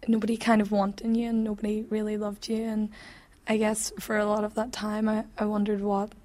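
A woman's voice: mid-range voice, completely flat delivery, fairly quick, warm tone. A woman in her twenties sharing a personal testimony in an interview, reflective and hesitant, often restarting her sentences.

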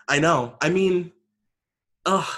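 Man, husky voice, casual podcast cohost, sarcastic rambling gossip, frequent swearing. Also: a little high, slow pace, fairly bright tone. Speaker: podcast co-host.

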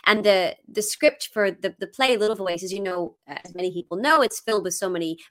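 Bright, bubbly woman guest. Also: medium pitch, brisk. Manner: animated and bubbly, laughs often. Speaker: guest performer, singer and impressionist. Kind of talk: chatty interview.

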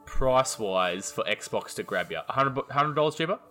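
A man's voice: medium pitch, lively intonation, moderate pace, fairly bright tone, faint music behind. A young man, co-hosting a casual podcast chat, teasing and swearing. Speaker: podcast co-host.

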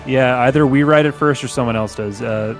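Male podcast co-host, middle pitch, playful comic chat over faint music. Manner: joking, breaks into laughter and quick put-on voices. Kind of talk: casual comedic chat reading fan fiction aloud.

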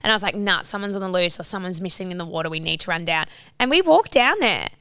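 A woman's voice: lowish voice, expressive, fast, a bit bright, smooth, no echo. A young woman in her twenties, telling a story in a rambling casual chat full of "like"s and swearing.

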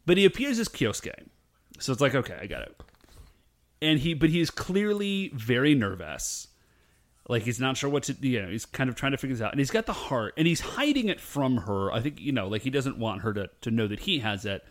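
A man co-hosting a casual chat, excitedly retelling an episode and acting out the characters' lines. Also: medium pitch, fairly quick. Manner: animated, acts out characters' lines while retelling. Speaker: podcast co-host. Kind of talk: casual chat recapping a show.

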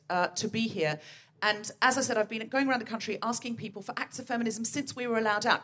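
Bright, chatty woman hosting live comedy. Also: fairly high pitch. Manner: chatty, self-mocking banter with the audience. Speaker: podcast host. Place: theatre stage at a live show.

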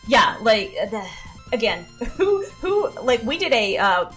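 A woman's voice: a little high, very animated, unhurried, fairly bright tone, soft background music. A woman co-hosting a casual podcast, talking animatedly with lots of fillers, restarts and laughter. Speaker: podcast co-host. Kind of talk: casual chat.

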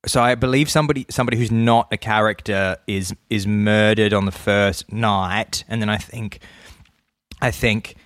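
A man's voice: fairly low pitch, steady tone, moderate pace, a bit bright, no echo, clean studio sound. A man chatting casually as a podcast co-host, laughing often and repeating words. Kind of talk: casual chat.

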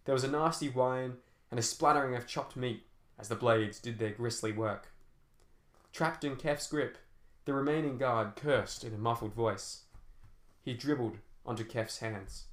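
A man's voice: medium pitch, a little slow. A man narrating an action novel as an audiobook, telling fight scenes dramatically with shifting pace. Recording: roomy echo.

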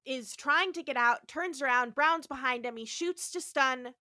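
A woman co-hosts a podcast, retelling the plot in lively, cheeky casual chat. Her voice sits high and sounds bright and forward. The recording is close and very dry. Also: normal speed, dry recording. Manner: animated, playfully profane storytelling. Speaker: podcast co-host. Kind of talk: casual episode recap chat.

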